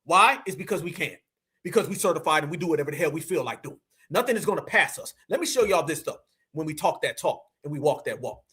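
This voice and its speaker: Man, fiery commentary, swaggering and profane, high bright forceful voice. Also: lively intonation, fast talker.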